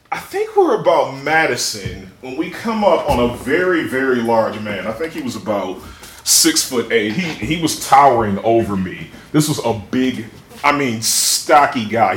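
A man's voice: mid-range voice, a bit bright. A young man telling a profane, self-mocking comic story to a live audience. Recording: echoey room with clear noise.

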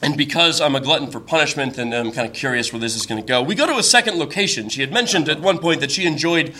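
Guy telling a funny dating story, self-mocking, bright voice, a bit high. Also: animated, quick pace. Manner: wry, self-mocking, laughs while telling. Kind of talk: live comic storytelling.

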